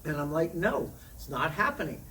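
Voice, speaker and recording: Middle-aged man, chatty animated storyteller, recorded from a distance. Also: fairly high pitch, moderate pace. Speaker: interview guest, former teacher. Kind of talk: casual storytelling. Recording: distant mic with faint room noise.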